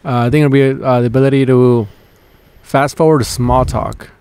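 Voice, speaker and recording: A young man hosting a podcast, an animated storyteller who often repeats his words. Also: mid-range voice, moderate pace. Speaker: podcast host. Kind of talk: casual chat.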